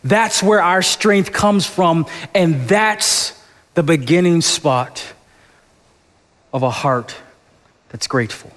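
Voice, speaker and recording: A man's voice: a little high, animated, slow pace, long pauses, fairly bright tone. A man preaching a sermon as a pastor, with emphatic, rhythmic repetition, in a church sanctuary. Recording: long church reverb.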